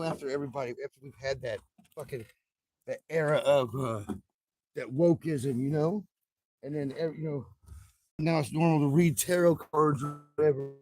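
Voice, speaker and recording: With a fairly high pitch and a darkish tone, a middle-aged man rambles on a livestream from home, cursing frequently and saying things over again. A little hiss or hum sits on the audio.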